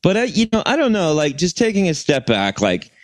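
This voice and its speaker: A man's voice: a little high, wildly swooping pitch, a little fast, dry recording. A man co-hosting a podcast, chatting casually and rambling with many restarts. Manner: rambling, lots of restarts and fillers. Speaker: podcast co-host. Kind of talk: casual chat.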